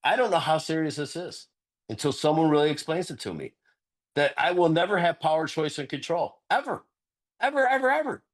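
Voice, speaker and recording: A middle-aged man speaking candidly as a sponsor at a recovery meeting, earnest and animated, laughing often and jumping higher when he stresses a point. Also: a little fast.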